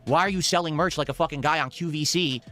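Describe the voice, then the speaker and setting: Fast-ranting bright-voiced man streamer. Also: fairly high pitch. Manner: fast, heated, swearing rant.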